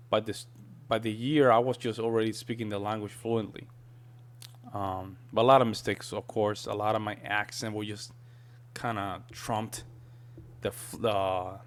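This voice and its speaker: A man whose first language is Spanish, chatting casually as he reacts to a video and often says "man". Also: fairly low pitch. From Spanish-speaking country. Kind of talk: casual commentary.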